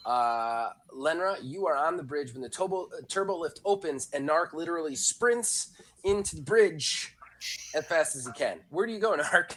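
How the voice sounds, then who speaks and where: Bright-voiced man running a tabletop game. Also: fairly high pitch, expressive, normal speed, slight background noise, poor audio. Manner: loose, chatty narration with many fillers and laughs. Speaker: game master.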